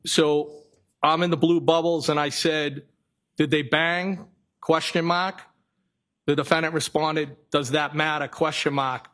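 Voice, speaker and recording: A man testifying as a witness in a courtroom, reading messages aloud in a careful, flat way and sometimes correcting himself. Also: on the high side, unhurried. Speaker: trial witness.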